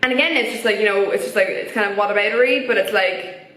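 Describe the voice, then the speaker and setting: A woman's voice: medium pitch, fast, fairly bright tone. Chatty Irish woman in an echoey room. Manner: chatty, lots of filler words. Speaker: vlogger. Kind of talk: casual opinion vlog.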